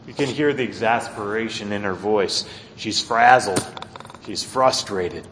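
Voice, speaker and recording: Man preaching in an echoey hall. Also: a little slow. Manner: earnest, wide swings between loud emphasis and quiet low asides. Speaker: pastor. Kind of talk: sermon.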